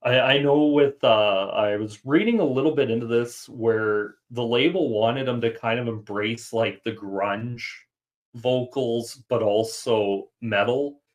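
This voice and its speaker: A man's voice: medium pitch, measured pace. A man hosting a music podcast, chatting casually and thinking aloud with fillers. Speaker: podcast host. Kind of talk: casual chat.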